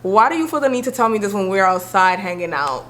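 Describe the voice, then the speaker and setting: A young woman vlogging to camera, talking candidly and with attitude, acting out friends in quick quoted voices. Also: mid-range voice. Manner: animated, sassy, acts out friends' voices.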